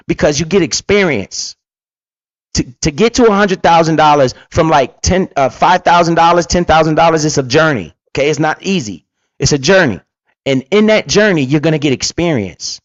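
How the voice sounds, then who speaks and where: A man in the middle of a heated reaction rant, swearing and preaching about money. His voice sits a little high. It is recorded close and dry on a slightly dull, lo-fi mic. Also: no echo. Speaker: finance commentator reacting to a clip. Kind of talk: fired-up reaction commentary.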